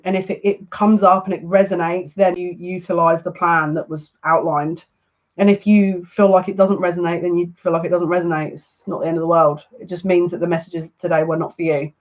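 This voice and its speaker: A man giving a live oracle card reading in a chatty, teasing, jokey way. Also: sits high. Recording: muffled lo-fi audio.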